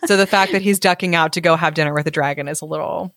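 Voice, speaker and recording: A woman co-host chatting casually, excitable and full of joking asides. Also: sits low, fast talker, no echo, clean studio sound. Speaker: podcast co-host. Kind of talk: casual chat.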